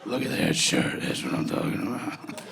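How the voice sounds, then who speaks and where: A man voicing a seductive flirting man with a breathy, crooning delivery. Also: low voice, big pitch swings, normal speed, a bit bright, voice pushed down, exaggerated voice. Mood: sultry.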